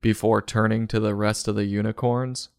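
A man's voice: lowish voice, level tone, normal speed, vocal fry, a little mellow, clear, resonant tone, no echo, clean studio sound. A man giving a comedic book review in a sarcastic, mocking tone.

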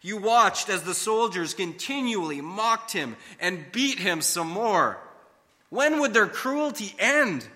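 Male storyteller, high and bright, slow dramatic second-person narration, heard with a long hall reverb. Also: animated. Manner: slow, emphatic, dramatic delivery.

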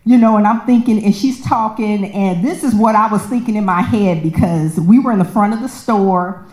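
A woman tells a personal story in a lively, conversational way. She slips into the voices of the people she quotes and laughs along the way. Her mid-range voice rings in an echoey room. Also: medium pitch, moderate pace. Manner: animated, acts out quoted voices, laughs often. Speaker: storyteller sharing a personal testimony. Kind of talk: casual storytelling with scripture.

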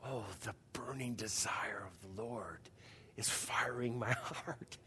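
A man imitating an intense, passionate preacher, speaking low, breathy and fervent. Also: slow pace, heavily acted. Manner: breathy hushed fervor.

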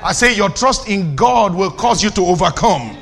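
A man preaches with a high, bright voice. His delivery is fervent and forceful, with questions thrown at the audience that build to shouted declarations. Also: expressive, normal speed, vocal fry, soft background music. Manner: teasing, asks the audience questions. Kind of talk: sermon.

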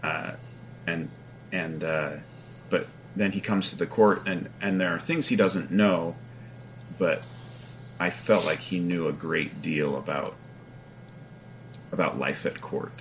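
Very deep-voiced man talking books. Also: gravelly, a little hiss or hum, rough recording. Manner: thoughtful, halting, hedging with fillers. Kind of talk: casual book discussion.

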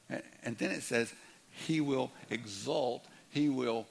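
A man in his fifties preaching a sermon as a pastor, earnest, dropping to a hush and then rising loud, often repeating his words. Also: mid-range voice, a little slow, gravelly, a little hiss or hum.

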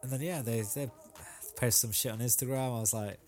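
A young man hosting a casual solo podcast, rambling in a relaxed way with lots of ums and slang. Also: medium pitch, a little fast, soft background music. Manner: laid-back, rambling, frequent ums and slang. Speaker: podcast host.

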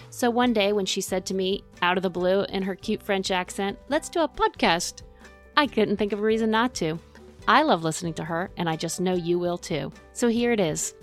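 A woman hosting a podcast, reading an enthusiastic introduction and then chatting with her co-host. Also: on the low side. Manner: enthusiastic, upbeat. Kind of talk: scripted introduction and casual podcast chat.

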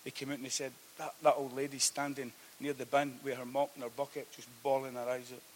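A man preaching a sermon, telling a story that swings from hushed to loud. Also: mid-range voice, level tone, fast talker, a little hiss or hum. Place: church hall.

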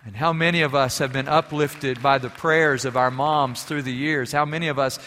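A man preaching a sermon as pastor, telling stories and moving between quiet, hushed passages and emphatic ones. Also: mid-range voice, steady tone, normal speed, long reverb tail, slight background noise.

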